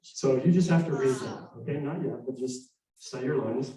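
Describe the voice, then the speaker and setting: Recorded from a distance in an echoing arts center hall, this middle-aged male storyteller delivers a live history presentation. His mid-range voice moves at a moderate pace, animated and conversational as he acts out the dialogue.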